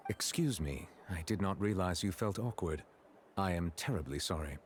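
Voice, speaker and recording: A very deep-voiced, stiffly polite chief justice speaks in a measured way with a French accent. His pitch still rises and falls a good deal, and a faint hiss sits behind him. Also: lively intonation. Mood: formal. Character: formal, courteous male chief justice.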